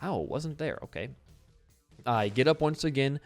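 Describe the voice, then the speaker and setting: A young man of ordinary pitch, chatting loosely as he plays a game and tells a long story. He rambles, restarts and swears casually. Faint game music sits under his voice. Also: expressive, normal speed, darkish tone. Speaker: gaming video host. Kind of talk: casual let's-play commentary mixed with storytelling.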